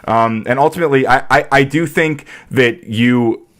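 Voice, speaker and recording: A man's voice: mid-range voice, normal speed, a bit bright. A man arguing back in an online debate, earnestly explaining his side with many stammered restarts. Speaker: debate panelist.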